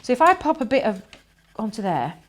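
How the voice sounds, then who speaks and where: A woman's voice: a little high, sing-song, a little fast, slight background noise. Chatty woman demonstrating crafts. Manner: chatty, enthusiastic, thinks aloud while working.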